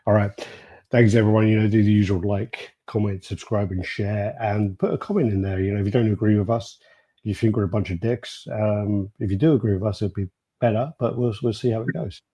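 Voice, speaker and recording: Podcast guy rambling thru a story, low-ish husky voice, swears a lot. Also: steady tone, fairly quick, warm tone. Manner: rambling storyteller, swears freely, laughs often. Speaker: podcast co-host. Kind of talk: casual chat.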